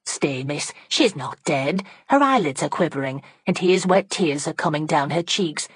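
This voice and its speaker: A woman's voice: low voice, expressive, moderate pace, breathy edge, dry recording. A woman reading an audiobook, voicing a pert young maidservant who drops coy, knowing hints. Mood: gossipy. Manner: coy, insinuating. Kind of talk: audiobook character voice.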